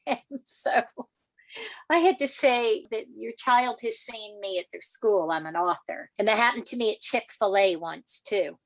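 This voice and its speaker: An older woman, a children's author, telling stories in an interview, animated and laughing, acting out quotes in a higher voice. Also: measured pace, no room sound. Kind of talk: storytelling in a podcast interview.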